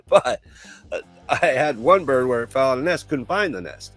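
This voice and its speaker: A man's voice: mid-range voice, expressive, normal speed, faint music behind. A man in casual chat on a live show, telling long stories and laughing often.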